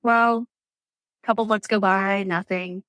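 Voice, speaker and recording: A woman's voice: mid-range voice, fairly even intonation, a little slow, fairly bright tone, no room sound. Woman nurse on a podcast, just chatting her story, lots of ums and likes, dry sound. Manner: chatty, with frequent fillers. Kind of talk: casual storytelling interview.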